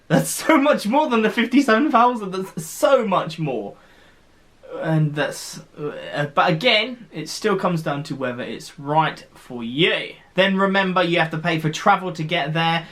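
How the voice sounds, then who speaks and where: A man's voice: a little high, a bit bright. A man from the UK vlogging, explaining costs in a chatty, rambling way with restarts. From United Kingdom. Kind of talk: casual explainer to camera.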